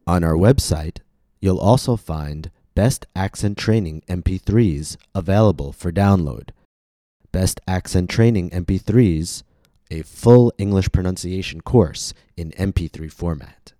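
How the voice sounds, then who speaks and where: Deep-voiced American man teaching pronunciation. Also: warm tone, dry recording, studio quality. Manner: slow, carefully enunciated teaching delivery. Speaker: pronunciation podcast host. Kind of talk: scripted pronunciation lesson.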